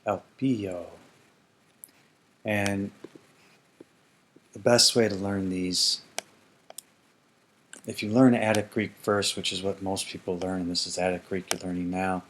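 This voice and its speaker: A man's voice: sits low, steady tone, slow, pauses often, fairly bright tone, a little hiss or hum. A man teaching ancient Greek grammar in a casual explanatory lesson, thinking aloud and correcting himself as he goes.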